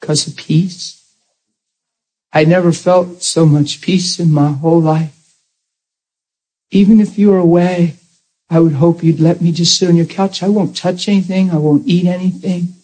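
A man voicing a sedated, troubled elderly woman who speaks slowly and haltingly. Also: fairly low pitch, fairly even intonation, mellow, breathy edge, poor audio. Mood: pleading. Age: older.

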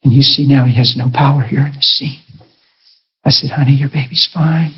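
A man's voice: medium pitch, fairly even intonation, brisk, husky. A man preaching a sermon testimony, telling a story and acting out the dialogue, with emphatic rising peaks. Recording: dull lo-fi sound.

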